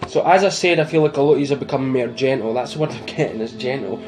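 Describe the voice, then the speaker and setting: This Scottish-accented man talks quickly at a medium pitch while giving a loose, rambling tarot reading to camera. He pokes fun at his viewers and at himself, and music plays in the background.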